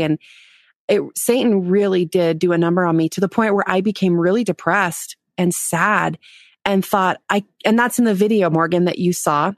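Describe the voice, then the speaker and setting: A woman's voice: on the low side, moderate pace, no echo, clean studio sound. A woman speaking as a podcast guest, telling a personal story frankly, mocking herself and laughing often. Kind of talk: candid interview storytelling.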